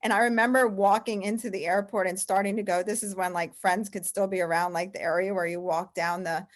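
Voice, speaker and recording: A woman's voice: medium pitch, steady tone, brisk. A woman guest on an interview, a firm founder, telling stories casually and full of fillers. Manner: chatty, frequent "like" and "um" fillers.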